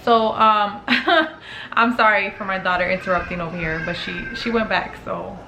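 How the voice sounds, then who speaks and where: A woman's voice: mid-range voice, normal speed, background noise. A young woman telling a personal story to camera in casual chat, full of fillers and swearing. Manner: chatty, filler-heavy, swears casually, acts out quotes. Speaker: storytime vlogger. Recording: echoey room with faint ambience.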